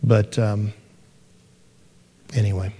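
A middle-aged man preaching a sermon, animated and joking, who mimics parents in a soft sing-song voice. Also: fairly low pitch, takes it slowly, breathy edge. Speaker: pastor. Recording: long hall reverb.

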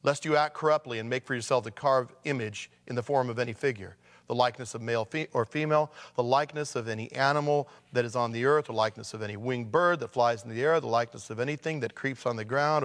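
A man preaching a sermon in a relaxed, conversational way, reading scripture passages aloud and stressing key lines. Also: medium pitch, big-room sound. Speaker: pastor.

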